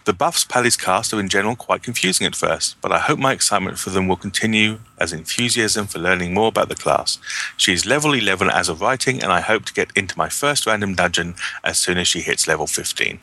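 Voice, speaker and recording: A man's voice: low voice, fast, creaky, bright, forceful tone, dry recording. A man co-hosting a gaming podcast, tossing in dry, joking asides. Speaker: podcast co-host. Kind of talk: casual podcast chat.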